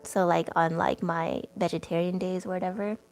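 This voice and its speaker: A woman's voice: lowish voice, fairly even intonation, normal speed, creaky, darkish tone. A young woman doing a tarot reading on a casual livestream. She talks in a chatty way, with lots of filler words and laughs, as she reads the cards and answers the chat. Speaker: tarot reader.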